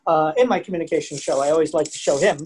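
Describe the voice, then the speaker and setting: Speaking rapid-fire in a fairly high, husky, slightly mellow voice, a male museum presenter leads a chatty history lesson over a video call. Aimed at kids and families, it's full of laughter and questions for the audience.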